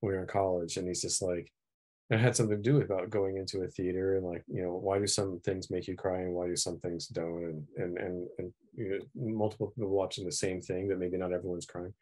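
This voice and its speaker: Man, middle-aged, very deep voice, relaxed, reflective, filmmaker, casual chat. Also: a little fast. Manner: relaxed, reflective, many "you know" fillers. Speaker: animation filmmaker, guest of honor.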